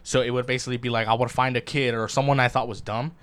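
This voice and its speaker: A young man in a relaxed podcast chat, talking at an ordinary pitch. He strings his stories along loosely with plenty of filler words. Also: fast. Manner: loose, storytelling, heavy "like" filler. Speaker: podcast co-host. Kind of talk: casual chat.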